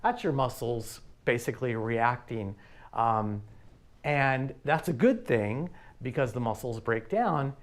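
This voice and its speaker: A man in his fifties leading a livestream workout class, talking plainly and slowly with many pauses and ums. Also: mid-range voice, expressive. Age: 50s. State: out of breath. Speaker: fitness instructor.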